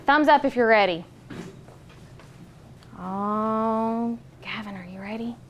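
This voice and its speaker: A young woman teaching a phonics lesson in a classroom, patient and encouraging, sounding out words slowly. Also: fairly high pitch, a little hiss or hum.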